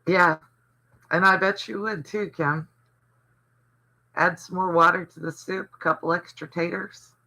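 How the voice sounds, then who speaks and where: High-voiced and unhurried, an older man from the American South pauses often, keeping fairly even intonation and a sharp tone on a rough recording. He hosts a casual livestream chat, rambling through stories and reading out viewer comments.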